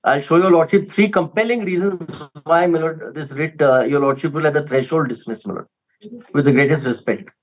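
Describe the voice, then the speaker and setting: A man with an Indian English accent argues for a respondent before a court in formal, emphatic language. His voice is a little high and fairly quick on a rough recording, and he deferentially addresses the bench again and again with "my lord."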